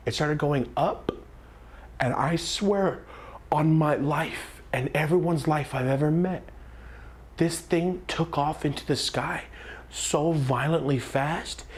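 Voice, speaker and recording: A young man telling a comedic story time, animated and acting out the voices of the people in it. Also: a little high, slight background noise. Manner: animated, acts out quoted voices.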